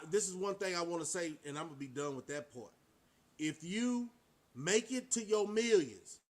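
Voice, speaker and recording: Man, high voice, vlogger, preachy, motivational, rhetorical questions. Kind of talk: casual monologue to camera.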